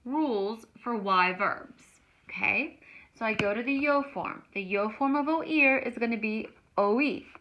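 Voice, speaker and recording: A woman's voice: a little high, pushed and bright, muffled recording. A woman teaching a grammar lesson, explaining each step patiently. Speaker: Spanish teacher.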